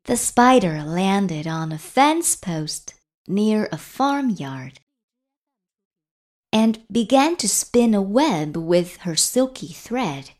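A woman's voice: medium pitch, takes it slowly. A woman reading a children's picture book aloud in a playful, sing-song way. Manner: lively, sing-song read-aloud voice, playful animal sounds. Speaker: storybook reader.

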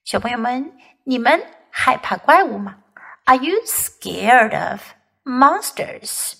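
A woman, a native Mandarin speaker, teaching English by reading a children's story aloud in slow, expressive storytelling. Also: a little high, vocal fry. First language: Mandarin Chinese.

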